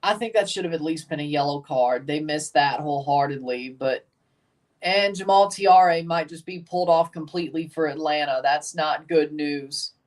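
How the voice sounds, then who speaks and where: A man's voice: fairly high pitch, normal speed, distant mic. A man with a Southern accent streaming live match reactions, chatting with viewers and exclaiming at plays. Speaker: watchalong streamer.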